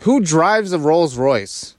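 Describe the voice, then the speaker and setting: A man's voice: on the high side, animated, slow pace, no echo, clean studio sound. A man co-hosting a podcast in casual, playful chat, teasing his friends. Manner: playful, teasing, bursts into song. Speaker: podcast co-host.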